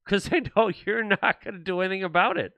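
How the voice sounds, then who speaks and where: A man's voice: high-pitched, fast, no room sound, highs cut off. A man hosting a livestream, ranting sarcastically about politics and reading out viewer comments. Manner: animated and sarcastic, mocking other voices. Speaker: livestream show host.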